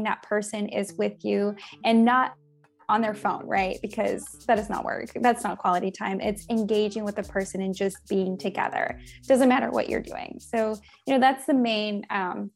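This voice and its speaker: A woman's voice: mid-range voice, gravelly, a little mellow. A woman co-hosting a relationship talk show, chatting casually and explaining ideas with acted-out everyday examples. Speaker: guest co-host. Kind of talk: casual chat.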